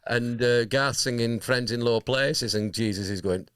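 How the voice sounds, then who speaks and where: A man's voice: mid-range voice, measured pace, a bit bright, clean tone, no echo, clean studio sound. A man hosting a casual interview, chatty and rambling, calling his guest mate. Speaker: radio interviewer.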